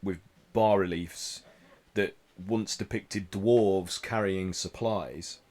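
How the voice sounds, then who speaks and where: A man from the United Kingdom narrating as game master, unhurried and full of ums and likes. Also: sits low. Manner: relaxed, hesitant narration with many fillers.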